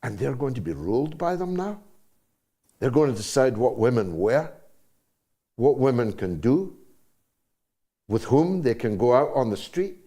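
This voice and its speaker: Older scottish guy hosting a political show, slow talker, voice swings all over, gets emotional. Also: medium pitch, very animated, warm tone. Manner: impassioned, emotional. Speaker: host.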